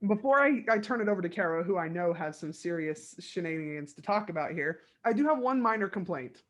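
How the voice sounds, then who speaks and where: A woman's voice: on the low side, brisk. A woman co-hosting a fan podcast about a TV show, talking casually and acting out lines from scenes with lots of laughter. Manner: animated, laughs often, acts out quotes. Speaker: podcast co-host.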